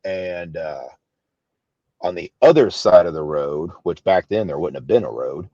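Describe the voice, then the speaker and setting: A man's voice: low voice, expressive, a little slow, dark tone, no echo, lo-fi sound. A man from Southern Illinois with a local accent, telling stories casually as a podcast guest, rambling with many fillers. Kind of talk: casual storytelling.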